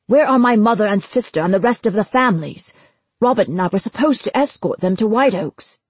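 A tense, impatient young nobleman speaks tersely and demands answers, as a woman narrating a storybook puts him on. The voice is husky with gravel in it. The recording is dry and close. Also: on the low side, a little slow, mellow, no room sound. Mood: angry.

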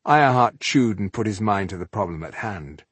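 A man narrating a fantasy novel in a steady, measured reading, with a husky voice. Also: lowish voice, dry recording. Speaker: audiobook narrator.

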